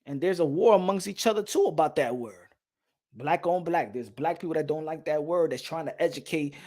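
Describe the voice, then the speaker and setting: Man, boxing channel host, high voice, heated rant, profane, repetitive. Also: brisk, a little mellow. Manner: heated, profane, repeats himself. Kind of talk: casual opinion rant to camera.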